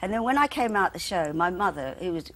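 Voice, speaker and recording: A woman's voice: on the low side, big pitch swings, a bit bright. Chatty older woman telling stories. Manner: gossipy storyteller, quick asides, lots of "you see". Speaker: guest. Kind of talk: chatty TV studio interview. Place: TV studio sofa.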